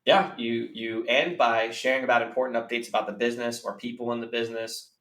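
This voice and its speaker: A man's voice: medium pitch, steady tone, quick pace, fairly bright tone. Earnest man coaching, roomy distant sound. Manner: earnest, repeats key phrases for emphasis. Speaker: business coach guest. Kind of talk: podcast interview, advice. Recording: roomy, slightly distant mic.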